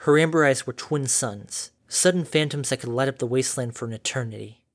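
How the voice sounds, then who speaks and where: A man narrating a dark fan story in a measured, dramatic reading. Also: medium pitch.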